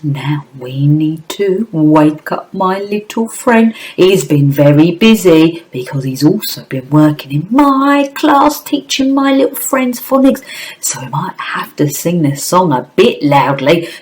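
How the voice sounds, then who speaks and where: A woman's voice: low voice, measured pace, hardly any pauses, darkish tone, poor audio. A woman teacher giving a phonics lesson to young children, in an exaggerated, coaxing sing-song. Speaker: primary school teacher.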